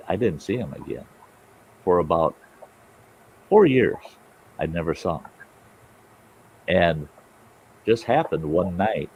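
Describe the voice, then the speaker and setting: Deep-voiced folksy storytelling man. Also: dull audio, slight background noise. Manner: folksy, rambling, salty-tongued. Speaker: storytelling show host. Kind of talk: casual spoken storytelling.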